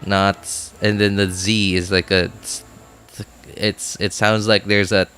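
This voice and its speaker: Low-ish guy rambling while he plays a game, lots of "like" and "um", laughs at himself a lot, faint music under it. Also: level tone, takes it slowly, bright, forceful tone, clean tone. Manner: rambling, full of filler words; self-amused, laughs often. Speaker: game streamer. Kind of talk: casual chat while gaming.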